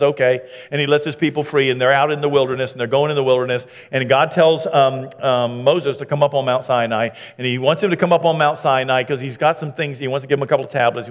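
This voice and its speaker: A male pastor preaching a conversational sermon, acting out the quoted speech with lively emphasis. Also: medium pitch. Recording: hall reverb.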